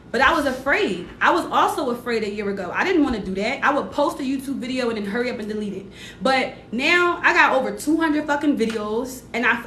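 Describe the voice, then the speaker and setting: A woman giving a casual card reading to livestream viewers, slangy and encouraging as she chats with them. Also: a bit bright. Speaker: spiritual reader on a livestream. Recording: echoey room with faint rumble.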